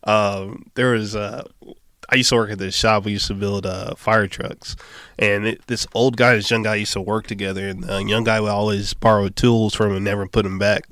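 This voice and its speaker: A man's voice: on the low side, little pitch movement, normal speed, a bit bright, dry recording. A man in his thirties, a podcast guest telling stories in casual chat and laughing often.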